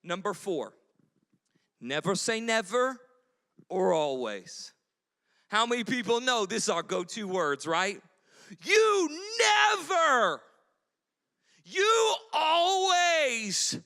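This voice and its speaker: A man preaching a sermon as pastor, animated, mimicking quarrels in a shrill voice. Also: a little slow, pauses often, big-room sound. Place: church hall.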